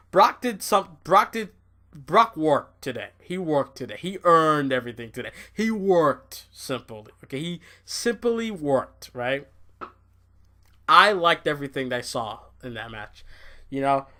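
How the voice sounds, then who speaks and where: Excitable bright-voiced young man ranting. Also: on the high side. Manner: excitable, repeats himself, swears, laughs at his own points. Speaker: wrestling review vlogger. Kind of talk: casual rant review.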